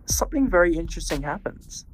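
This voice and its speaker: A man co-hosting a podcast, casually recapping episodes and telling what happened in a relaxed, storytelling way. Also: on the high side, fast, slight background noise, rough recording. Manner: walks through events in a relaxed, storytelling way. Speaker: podcast co-host.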